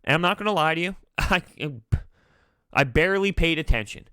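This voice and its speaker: A male sports vlogger venting about his team in a bright, forceful voice. He is animated and exasperated and laughs through the frustration. The sound is dry and close, with no room in it. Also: on the high side, fairly quick, clean tone, dry recording. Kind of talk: fan reaction commentary.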